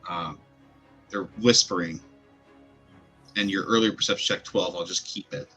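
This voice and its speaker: A deep-voiced man runs a tabletop game and narrates scenes in a loose, rambling way, with lots of fillers. His tone is bright and edgy, and a bit husky. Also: moderate pace. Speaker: game master. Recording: faint music behind.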